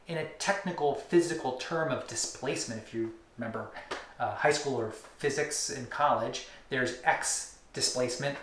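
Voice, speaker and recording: A man's voice: mid-range voice, fairly bright tone, echoey room, a little hiss or hum. A man teaching acupuncture technique in an instructional demonstration, stretching out repeated words and dropping to near-whispers. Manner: rhythmic, drawn-out emphasis, drops to near-whispers on repeated words.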